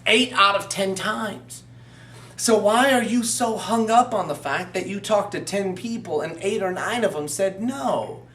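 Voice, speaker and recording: A man's voice: high voice, a bit bright. A man speaking as a motivational business coach, emphatic and repetitive as he urges the listener on. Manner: emphatic, repetitive, fervent exhortation. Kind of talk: motivational talk to camera. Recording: echoey room, voice from a distance.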